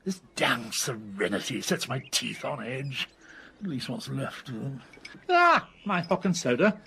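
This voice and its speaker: An actor playing a world-weary, sardonic elderly expatriate in a radio comedy. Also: male voice, mid-range voice, very animated, measured pace, vocal fry, pushed and bright, a little hiss or hum, full character voice. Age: older. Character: grumpy elderly English expatriate man, sardonic.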